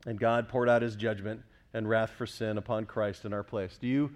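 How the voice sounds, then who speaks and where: A man's voice: lowish voice, little pitch movement, moderate pace. A man preaching a sermon with emphasis, often putting questions to the congregation. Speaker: pastor.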